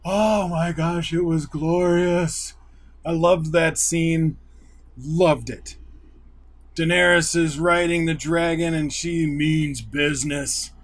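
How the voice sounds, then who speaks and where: A man hosting a casual recap of a TV episode, retelling scenes with eager excitement. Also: on the high side, slow pace. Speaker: YouTube show host.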